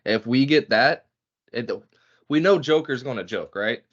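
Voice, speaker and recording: Male co-host, mid-pitched, loose and profane, ranting in casual sports talk. Dull lo-fi podcast audio. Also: unhurried. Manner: profane, animated rants.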